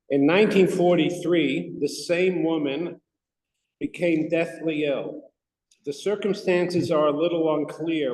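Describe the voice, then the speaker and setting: Lay speaker, male, a touch high-pitched, reading haltingly in a room with long reverb. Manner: hesitant, halting, with many restarts. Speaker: lay speaker giving a talk. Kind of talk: reading a prepared talk to a congregation. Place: synagogue room. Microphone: microphone not working.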